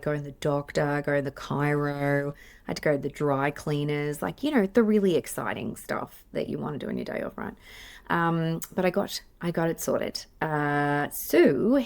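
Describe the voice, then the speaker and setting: A woman in her forties with an Australian accent, a play therapist, hosts her own podcast through a podcast microphone. Her voice is low-pitched and a little mellow, and her casual solo chat is effusive and rambling.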